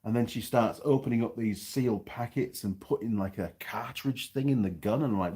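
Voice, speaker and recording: A man's voice: mid-range voice, a little fast, mellow, breathy edge. A man with a New Zealand accent telling a rambling, self-mocking story in a casual vlog. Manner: rambling, self-mocking, restarts mid-sentence. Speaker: vlogger.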